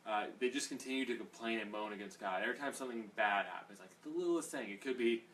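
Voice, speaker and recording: A man's voice: medium pitch, fast talker, fairly bright tone, far from the mic. A man leading a casual Bible study, rambling and conversational, with plenty of fillers. He sits a little away from the mic, and faint noise hangs in the background.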